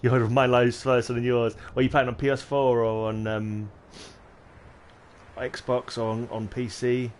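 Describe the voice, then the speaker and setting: A man's voice: medium pitch, little pitch movement, unhurried, slight background noise. A man, chatting casually on a game livestream and muttering to himself while he builds. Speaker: game streamer.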